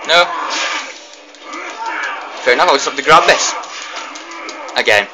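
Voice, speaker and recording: Young bloke yelling along at a game, voice jumping all over, lots of oh gods. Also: male voice, mid-range voice, unhurried, low-quality recording. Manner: excitable, blurts reactions and mild swearing. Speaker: gaming commentator. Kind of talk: let's play commentary.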